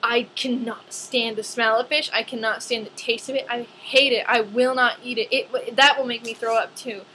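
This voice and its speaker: A young woman ranting casually to camera in a vlog, chatty and animated, with lots of "like". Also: a little high, normal speed, a little hiss or hum, rough recording. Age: young adult.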